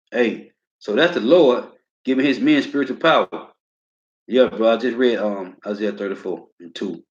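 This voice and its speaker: A man teaching from scripture in a preaching style, reading verses slowly and with emphasis and tagging his lines with a casual filler. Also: mid-range voice. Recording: roomy, dull lo-fi sound.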